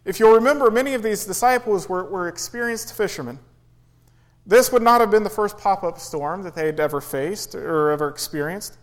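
In a rough recording, a man preaches as a pastor in a high voice at a slightly fast pace. He is earnest, lifting and dropping his voice for emphasis and performing quoted pleas.

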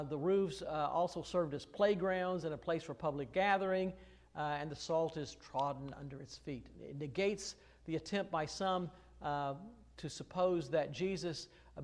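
A man preaching an expository sermon in a conversational way, with many fillers and restarts, pressing hard on key phrases. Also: on the high side. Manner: rises to emphatic stress on key phrases. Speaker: pastor.

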